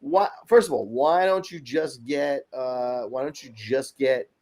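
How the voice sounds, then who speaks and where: A man's voice: mid-range voice, expressive, measured pace, darkish tone. Blunt, rambling male podcast host. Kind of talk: casual podcast chat.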